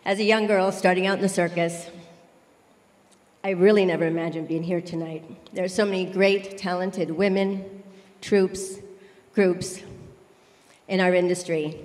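A woman's voice: fairly low pitch, steady tone, unhurried, pauses often, darkish tone, long reverb tail. A middle-aged woman giving a heartfelt, emotional award acceptance speech in a large circus tent.

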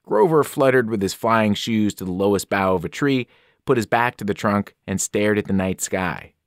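A man, a teacher, narrating a novel aloud in an expressive storytelling manner. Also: on the low side, normal speed, dry recording, studio quality. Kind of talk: audiobook narration.

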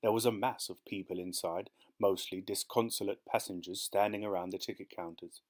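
Low-voiced male storyteller. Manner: measured, steady storytelling. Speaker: narrator. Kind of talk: reading a short story aloud.

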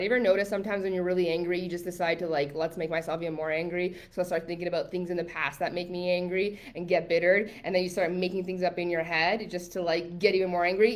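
Animated woman coaching with "like" and "right?". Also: medium pitch. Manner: casual and animated, acts out inner thoughts in quoted voices; frequent fillers like "like" and "right?". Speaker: manifestation coach. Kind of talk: motivational masterclass talk.

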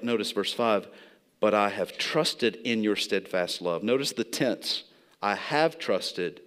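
A man preaching a sermon as pastor in a church, earnest and repeating key phrases for emphasis. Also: medium pitch. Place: church sanctuary.

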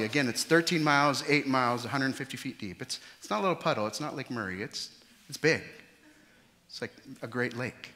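Pastor guy preaching, bright forceful voice, big echoey church hall. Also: medium pitch, moderate pace. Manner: animated, acts out the disciples' panicked voices. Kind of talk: sermon. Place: church sanctuary. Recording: church hall with long reverb.

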